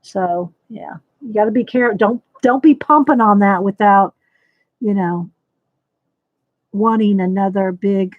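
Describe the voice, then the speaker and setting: A woman's voice: mid-range voice, unhurried, pauses often, dry recording, phone-quality sound. A woman hosting a casual live coloring tutorial, thinking aloud as she works and greeting viewers by name. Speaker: livestream host demonstrating coloring.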